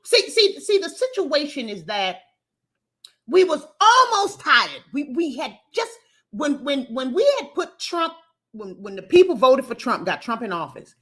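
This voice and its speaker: A woman's voice: sits high, a bit bright. A woman hosting a call-in livestream, talking emphatically in a folksy way and repeating words as she builds a point. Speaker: call-in show host. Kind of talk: casual livestream talk show.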